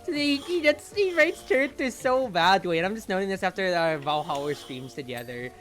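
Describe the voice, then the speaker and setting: A streamer, chatting in a lively, teasing way over voice chat while gaming. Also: medium pitch, fairly quick, soft background music. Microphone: home mic over voice chat.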